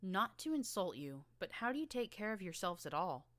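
A woman voicing a calm, measured young male pony who speaks slowly. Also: mid-range voice, pitched above the performer's own voice. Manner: calm and slow.

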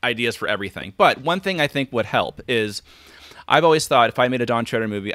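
A man's voice: on the low side, fairly bright tone, dry recording. A man speaking as a podcast guest over a video call, thinking aloud and acting out quoted lines. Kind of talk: casual video call chat.

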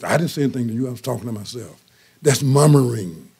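An older man preaches to his congregation in a folksy storytelling way. He leans on repeated phrases to drive home each point. His pitch sits in the ordinary middle for a man. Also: animated, fast talker, darkish tone, breathy edge. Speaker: pastor. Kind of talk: sermon.

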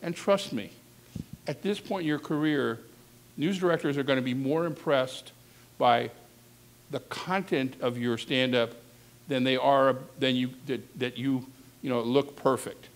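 A man's voice: mid-range voice, a little slow. A man coaching a class on reporting, speaking candidly and conversationally in a classroom session. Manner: candid, conversational, frank asides. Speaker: talent coach. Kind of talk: instructive classroom talk.

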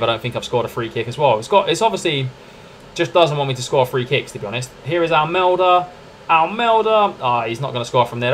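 A young man streaming a football management game, commenting live in a chatty, excitable way and calling to his viewers as lads and mates. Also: mid-range voice, a little hiss or hum. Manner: excitable, chatty, keeps addressing "lads" and "mate".

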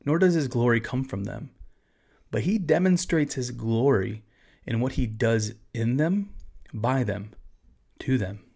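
A man's voice: medium pitch, expressive, measured pace, vocal fry, darkish tone, slightly rough. A man, a pastor, teaching about a church confession of faith in a casual, conversational way with asides.

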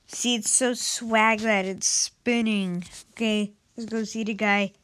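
A woman playfully narrating a game role-play, excitable and breaking into sudden shouted outbursts. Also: mid-range voice, slow pace. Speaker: gameplay narrator.

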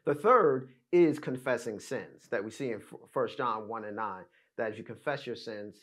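A man's voice: on the low side, husky. A man preaching a teaching sermon, explaining scripture step by step and often checking in with "right?" and "amen?". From United States. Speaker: pastor.

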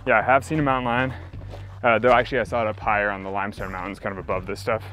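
Man, outdoors on a hike, casual dry humor, rapid talk, music playing behind. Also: lowish voice, little pitch movement, a bit bright. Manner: dry joking, easygoing. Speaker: guest climber leading the hike. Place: outdoors on a desert mountain.

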